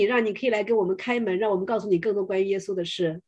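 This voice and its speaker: A woman interpreting a sermon live, phrase by phrase, sometimes hesitant and pausing with fillers. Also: mid-range voice, fairly even intonation, mellow. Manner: hesitant, fills pauses with 'uh'.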